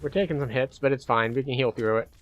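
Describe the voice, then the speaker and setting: A man's voice: mid-range voice, fast, fairly bright tone, dull audio, slight background noise. A man giving chatty, casual commentary over his own gameplay. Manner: chatty, self-deprecating play-by-play. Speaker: gaming streamer.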